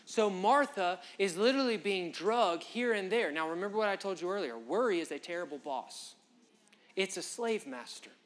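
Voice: medium pitch, expressive, normal speed. A preacher delivers a sermon at a church service in an impassioned, conversational way. The phrasing is folksy and direct, and the preacher speaks straight to the listeners. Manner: impassioned, direct address to the congregation.

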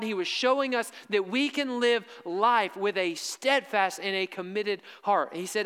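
A man delivering a sermon in a high, smooth and resonant voice. He stresses key lines by repeating them slowly and firmly. His voice carries a long reverb, as in a large church hall. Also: sharp tone. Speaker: preacher.

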